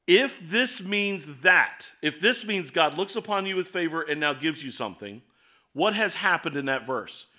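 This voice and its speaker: A man preaching a sermon as pastor, explaining scripture in a conversational way and reading verses aloud, slowing down and speeding up for emphasis. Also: a little high, lively intonation, pushed and bright.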